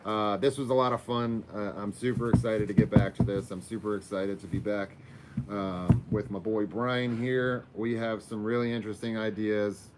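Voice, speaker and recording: Signing off a casual livestream, a man from Florida talks loosely with his audience and his dog, throwing in the odd swear word. His voice sits on the low side, level in tone and moderately paced, though the recording is very noisy.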